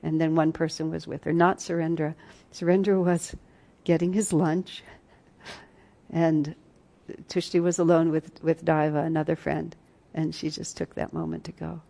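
A woman's voice: low-pitched, little pitch movement, moderate pace, vocal fry. A woman teaching a spiritual retreat class, telling personal stories in an earnest, reflective way. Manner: reflective, earnest storytelling with soft asides.

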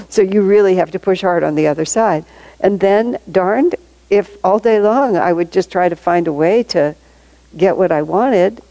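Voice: mid-range voice, vocal fry, dark tone, no room sound, low-quality recording. A spiritual teacher giving a reflective talk to devotees, thinking aloud with restarts and repeated words, chuckling between points. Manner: thoughtful, halting, frequent restarts and repeated words.

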